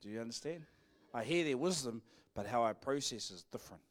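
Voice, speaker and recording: A New Zealand-accented pastor preaches a live church sermon, playful and cheeky, joking with the congregation and acting out back-and-forth dialogues. His mid-range voice is expressive and brisk.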